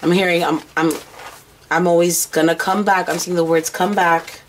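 A woman with a tired, worn voice gives an unhurried tarot reading, lingering over each phrase. She rambles intuitively, repeating what she hears and sees, in a slightly low register. A faint hiss sits under her voice. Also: steady tone, rough recording. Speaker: tarot card reader. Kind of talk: casual tarot reading to camera.

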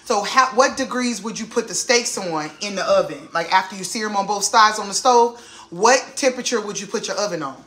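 Woman, casual cooking vlog host, assertive and loud, recorded in a roomy kitchen. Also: mid-range voice. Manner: loud, assertive, quick to laugh. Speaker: vlogger. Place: home kitchen. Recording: echoey kitchen with clattering pots.

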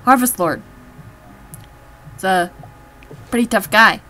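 A woman's voice: mid-range voice, takes it slowly, sharp tone. A woman giving casual commentary over her gameplay, rambling and joking at her own expense. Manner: rambling, self-mocking chatter. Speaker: gameplay video maker.

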